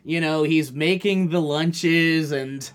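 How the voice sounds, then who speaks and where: A man's voice: fairly high pitch, takes it slowly. A man telling an anecdote on a casual podcast, laughing often and using many fillers. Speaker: podcast co-host.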